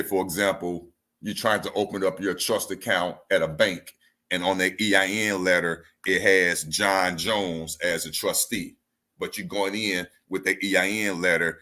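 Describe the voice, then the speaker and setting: Bright-voiced man teaching on a livestream. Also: low-pitched. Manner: animated, slangy, repeats key points. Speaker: financial educator hosting a livestream.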